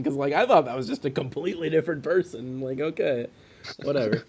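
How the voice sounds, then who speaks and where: A man talking casually about a film with a friend, laughing often and slipping into quick impressions of the characters. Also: fairly high pitch, darkish tone. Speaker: film podcast co-host.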